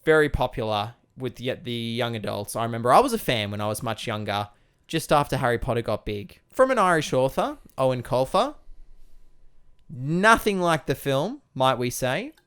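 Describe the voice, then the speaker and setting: A man co-hosting a casual film podcast, full of dry, sarcastic quips. His intonation swings widely, and his tone is smooth and resonant. He sounds at ease in the chat. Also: mid-range voice, big pitch swings, moderate pace, a bit bright. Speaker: podcast co-host.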